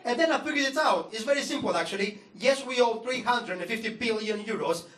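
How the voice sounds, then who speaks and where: A man's voice: extremely high pitch, animated, fairly quick, a bit bright, distant mic. A young man with a Greek accent doing a profane, sardonic stand-up set on a comedy club stage. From Greece. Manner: sardonic, profane, mock-outraged. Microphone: stage microphone. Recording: roomy club sound from the audience, with crowd laughter. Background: audience ambience and laughter.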